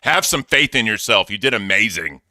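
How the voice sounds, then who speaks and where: Bright-voiced, profane male stream host. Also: lowish voice, sing-song, moderate pace, dry recording, clean studio sound. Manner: loud, profane, hyped shout-outs. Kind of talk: casual livestream chat, reading donations.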